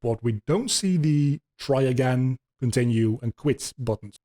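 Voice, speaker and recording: Rambling, swearing man explaining game lore casually, mellow and mid-pitched. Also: expressive, a little slow. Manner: rambling, swearing, many ums. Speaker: podcast host.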